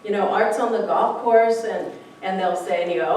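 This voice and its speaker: A middle-aged woman minister giving a conversational sermon, chatty and animated, playfully acting out quoted voices. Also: mid-range voice, normal speed. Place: church hall. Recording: echoey hall, mic from a distance.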